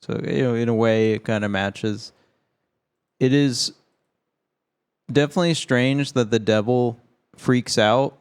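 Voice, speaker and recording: Gravelly-voiced joking podcast co-host man. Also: medium pitch, a little slow, pauses often. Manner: loose, joking, swears freely. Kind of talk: casual film podcast chat.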